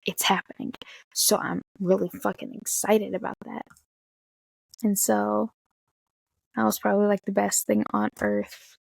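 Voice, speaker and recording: A young woman casually telling an excited, swear-filled story, jumping high in pitch when she quotes herself. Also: creaky, dry recording. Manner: excited, swearing, talks fast with big pitch jumps when quoting. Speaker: vlogger.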